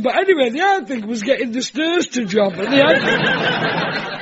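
A man's voice: extremely high pitch, wildly swooping pitch, measured pace, fairly bright tone, slightly rough. A young man telling comic family stories as a talk-show guest, acting out voices. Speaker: comedian guest. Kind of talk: anecdotal chat show banter. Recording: dull lo-fi broadcast with audience.

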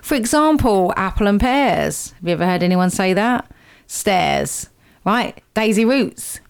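A woman's voice: mid-range voice, animated, measured pace, gravelly, clean tone. A woman hosting a chatty, playful slang lesson for a group, laughing often as she teases and encourages them. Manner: laughs a lot, teasing and upbeat. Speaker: host teaching slang to a group.

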